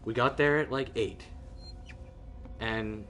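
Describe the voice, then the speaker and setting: A man telling a story in casual chat with friends, animated and swearing, often laughing and acting out people's voices. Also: medium pitch, slow. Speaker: streamer. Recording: faint background noise.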